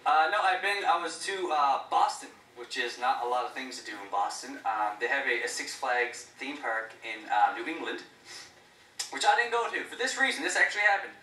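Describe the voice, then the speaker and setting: Deadpan comic, very bright tone, echoey room. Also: male voice, mid-range voice, normal speed, recorded from a distance, a little hiss or hum. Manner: dry, deadpan wit. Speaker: stand-up comedian. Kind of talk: stand-up set and interview.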